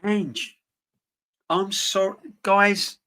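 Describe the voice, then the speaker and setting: A man's voice: high voice, fairly even intonation, drawn-out words, bright, forceful tone, slight background noise. Chatty man on a live stream. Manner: rambling, frank, chatty with restarts. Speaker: football channel host reading live chat. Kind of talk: casual live-stream chat.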